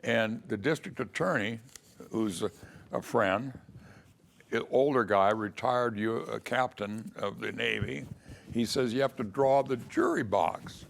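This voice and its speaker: An older man with a gravelly, mid-range voice recalls his early years as a lawyer at a measured pace. It's a casual spoken memoir told as a story, with him acting out the voices he quotes.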